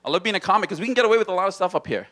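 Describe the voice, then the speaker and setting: A stand-up comedian from Hawaii performing in a small comedy room on a handheld stage mic, playful and animated, often dropping into silly voices. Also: male voice, racing. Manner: animated, playful, slips into character voices and movie-trailer deep voice.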